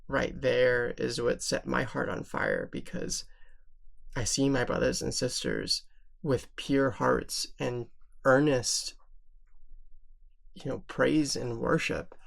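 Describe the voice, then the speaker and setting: A man co-hosting a spiritual podcast, speaking in a searching, deliberate way. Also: medium pitch, gravelly. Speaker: podcast co-host. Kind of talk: reflective spiritual podcast talk.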